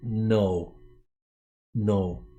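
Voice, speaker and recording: A man's voice: on the low side, warm tone. A man grumbling and swearing while commenting on a game playthrough. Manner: grumbling, profane. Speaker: game player.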